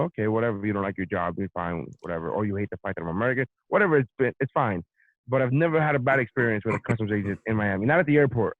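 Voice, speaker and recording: A man's voice: lowish voice, no echo. A male podcast host and comedian telling a long anecdote in casual chat, swearing freely and acting out the voices of people in the story. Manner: profane, animated, acts out both sides of anecdotes. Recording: dry phone-like sound.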